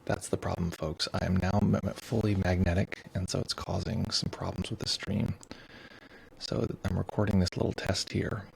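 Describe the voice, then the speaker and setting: A man's voice: low-pitched, level tone, normal speed, creaky, a little hiss or hum, rough recording. A man hosting a meditation livestream in a casual, joking way, reading viewer comments aloud. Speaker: meditation teacher. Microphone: streaming mic with headphones.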